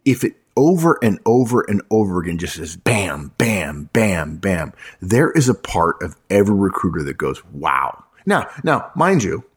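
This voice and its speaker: Male recruiter type, low husky voice, lively swooping delivery, punchy and emphatic. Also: normal speed, hardly any pauses. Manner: emphatic, punchy, repeats points for effect; addresses listeners as folks. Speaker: recruiter giving resume advice. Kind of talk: emphatic advice talk.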